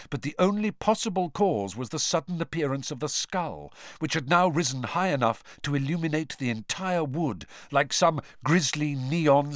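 A man narrating a story in a dramatic, expressive reading. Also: medium pitch, no echo, clean studio sound. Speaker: audiobook narrator. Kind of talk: scripted narration.

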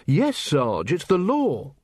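A man's voice: fairly high pitch, wildly swooping pitch, slow pace, darkish tone, no echo, clean studio sound, voice pushed up, exaggerated voice. A man voicing an earnest, dutiful young corporal who speaks politely and eagerly.

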